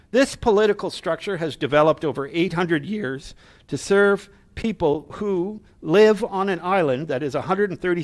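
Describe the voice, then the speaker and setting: A middle-aged man giving a prepared speech to a live audience, earnest, with asides and light humor to the room. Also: fairly high pitch. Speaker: speaker at a political gathering.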